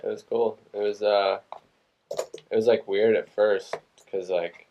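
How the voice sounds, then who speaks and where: Low-voiced young male guest, relaxed, short replies. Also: measured pace, dull audio, a little hiss or hum. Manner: laid-back, brief agreeing replies. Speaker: podcast guest. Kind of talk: casual chat.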